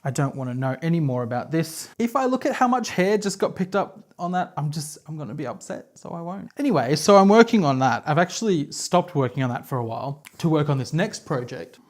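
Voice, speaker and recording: An Australian knitting podcaster chats casually to camera from her home couch in a low, slightly mellow voice. She is animated and a little fast, barely pausing as she rambles on self-deprecatingly.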